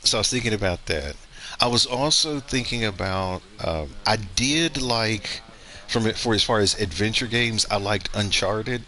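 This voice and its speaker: Male streamer, lowish pitch with a bright, forceful edge; casual rambling play-along commentary. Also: normal speed, slight background noise. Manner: rambling, thinks aloud with fillers and restarts. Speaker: gaming streamer.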